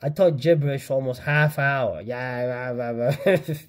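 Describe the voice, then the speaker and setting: Taking things slowly in a mid-range voice, a man hosts a relaxed vlog. He reviews an old comic with excited, slang-heavy chatter and frequent bursts of laughter.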